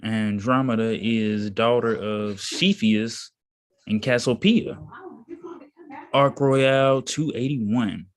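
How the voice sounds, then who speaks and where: A man reading a text aloud slowly and deliberately, pausing now and then to comment. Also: mid-range voice, steady tone. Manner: slow, deliberate reading with pauses. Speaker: reader in a study session.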